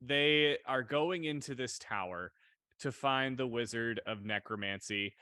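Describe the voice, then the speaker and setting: A man's voice: medium pitch, unhurried, sharp tone, smooth, no echo, studio quality. A man, a dungeon master, recounting a campaign story in a casual chat.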